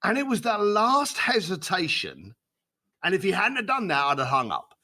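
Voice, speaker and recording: A man telling stories as a podcast guest, voice set a little high and very bright. He swings his pitch widely and acts out other people's voices as he goes. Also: sing-song, moderate pace. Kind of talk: storytelling in a podcast interview.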